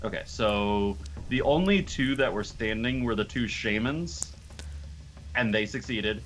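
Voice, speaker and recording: Casual game master, man, lowish voice, faint room hiss. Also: unhurried, fairly bright tone. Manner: casual, swears freely. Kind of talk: running a tabletop game.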